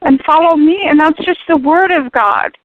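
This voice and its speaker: A woman's voice: sits high, normal speed, dry recording. A woman speaking as a radio guest in an impassioned, preachy, emphatic way. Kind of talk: animated talk radio discussion. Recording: tinny phone-line radio audio.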